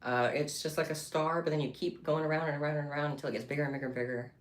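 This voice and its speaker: A woman chatting casually and excitably to her viewers while livestreaming her craft work. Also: sits low, rapid-fire, roomy sound. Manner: chatty and excitable, talking to chat. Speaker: livestreamer making bead bracelets.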